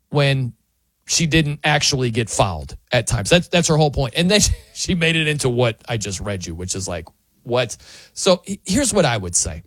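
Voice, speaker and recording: A man's voice: fairly high pitch, no echo. A man hosting a sports talk show, giving an opinionated monologue with a mocking, incredulous tone. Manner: incredulous, mocking, animated reading. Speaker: sports commentary host.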